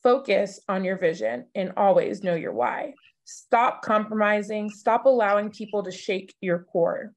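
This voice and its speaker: A woman reads a list of affirmations in a steady, earnest voice. Her pitch sits in an everyday middle range. She keeps an even reading rhythm throughout. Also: unhurried. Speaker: cast member.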